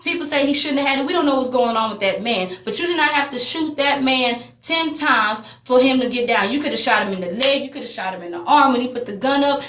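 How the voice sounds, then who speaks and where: A woman's voice: sits high, animated, quick pace, few pauses, sharp tone, slight background noise. Heated, profane woman vlogging. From Houston, Texas. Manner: heated, blunt, profane, rambling with many fillers. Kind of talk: emotional commentary vlog. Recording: echoey room, voice a bit far from the mic.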